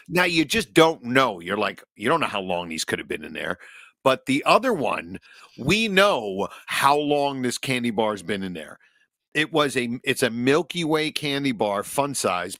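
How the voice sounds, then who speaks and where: Bright-voiced man telling a rambling story. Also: mid-range voice, dry recording. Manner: rambling storyteller, crude, laughs a lot. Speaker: podcast co-host. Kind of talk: casual comedy podcast chat.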